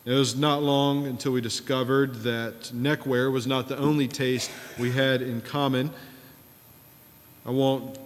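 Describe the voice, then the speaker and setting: A man in his thirties preaching a sermon in a relaxed, storytelling way, with wry asides. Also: medium pitch, big-room sound. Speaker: pastor.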